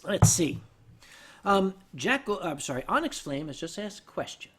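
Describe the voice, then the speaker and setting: A man hosting a casual livestream and answering viewer questions with dry, deadpan humor, loose and tipsy as he sips sake. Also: high voice, moderate pace. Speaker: livestream host.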